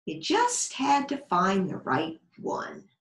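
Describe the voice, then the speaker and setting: A woman librarian reading a children's storybook aloud in a slow, expressive way. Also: mid-range voice. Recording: echoey room.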